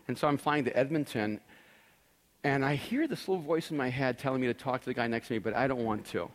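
A man's voice: mid-range voice, brisk. A man telling stories in a sermon, acting out dialogue with lots of energy and repeating words as he starts sentences. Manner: animated storyteller, acts out dialogue. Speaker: speaker. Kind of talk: storytelling sermon.

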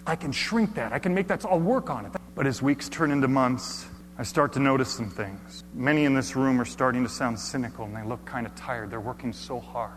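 A man preaching a dramatic sermon, telling a first-person story with slow emphatic phrasing and drops to near-whispers. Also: mid-range voice, fairly bright tone. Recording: hall reverb with faint hum.

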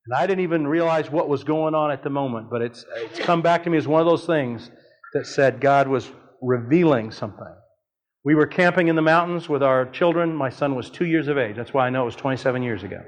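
A middle-aged man preaching, telling a story in an animated, humorous way with big swings in his voice. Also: mid-range voice, brisk, rough recording. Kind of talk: sermon storytelling.

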